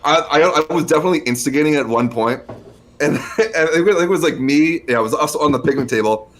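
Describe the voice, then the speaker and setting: A man's voice: a little high, fast talker, a bit bright, a little hiss or hum. A young man co-hosting a casual stock podcast, laid-back and slangy, laughing often. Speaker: co-host.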